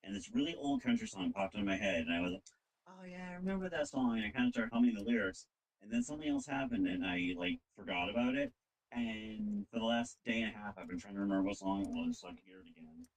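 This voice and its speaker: Gravelly, husky man, playful gamer joking with a friend. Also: on the low side, very animated, quick pace, rough recording. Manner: joking, goofy voices. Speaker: co-player. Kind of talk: casual gaming chat.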